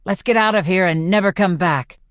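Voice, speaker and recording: A woman reading the part of a devoted young man in an audiobook, her voice dropped a little lower and kept calm and plain-spoken. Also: a little fast, no echo, clean studio sound, natural voice. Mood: steady.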